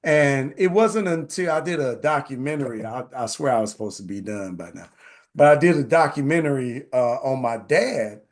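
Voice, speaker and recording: A man in his forties hosting a live online session, telling personal stories in a casual, animated way and often asking "right?". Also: medium pitch. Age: 40s. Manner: animated, repeats phrases, says "right?" often. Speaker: host.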